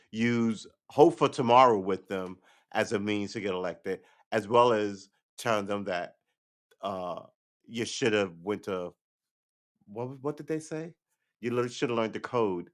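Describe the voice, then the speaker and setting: Loose and rambling, this middle-aged livestream host chats with his viewers, swearing and laughing frequently. His voice is lowish and a bit bright.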